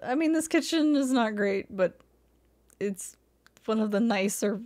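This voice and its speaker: This woman's fairly high voice is animated, unhurried and a little mellow. Streaming live commentary on house listings, she plays at being outraged and exasperated, swearing, laughing frequently and firing off rhetorical questions as she reacts.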